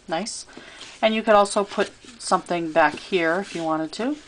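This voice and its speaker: A woman giving a chatty, relaxed show-and-tell of a handmade craft piece, filming it herself. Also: fairly low pitch, moderate pace, slight background noise. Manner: chatty and relaxed, with fillers and little asides. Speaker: crafter showing her handmade album. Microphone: camera she handles while filming.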